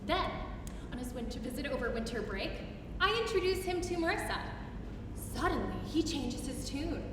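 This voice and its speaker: High-voiced young woman singing in an echoey hall. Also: normal speed, background noise. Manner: theatrical, expressive stage delivery. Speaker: student recital performer. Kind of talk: recital singing with piano and an acted monologue. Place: recital hall. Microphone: distant room mic. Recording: echoey hall recorded from far off with piano. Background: piano accompaniment.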